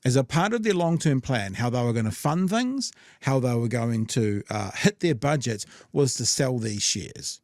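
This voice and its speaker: A man's voice: mid-range voice, lively intonation, moderate pace, hardly any pauses, a little mellow, no room sound, studio quality. A man with a New Zealand accent hosting a casual political commentary show, rambling with jokey asides. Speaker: host.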